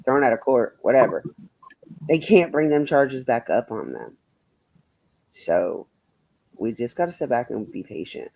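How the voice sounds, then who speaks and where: A man's voice: mid-range voice, expressive, a little slow, gravelly, long pauses, darkish tone, no echo, low-quality recording. A man chatting bluntly with viewers on a livestream, rambling and swearing freely. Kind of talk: casual livestream chat answering viewers.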